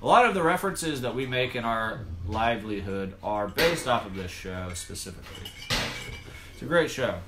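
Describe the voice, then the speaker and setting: A man co-hosting a casual TV review chat, telling scenes in a rambling, relaxed way. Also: mid-range voice, normal speed, background noise. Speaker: podcast co-host.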